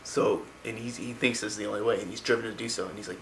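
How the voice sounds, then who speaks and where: A man's voice: fairly low pitch, fairly even intonation, fast talker, rough recording. Rambling man retelling a story. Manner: rambling, lots of "like" fillers. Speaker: lore video narrator.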